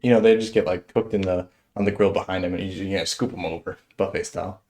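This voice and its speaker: A young man spins a comic stand-up story in a lowish, mellow voice. He is animated and chuckles through his own telling. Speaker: stand-up comedian.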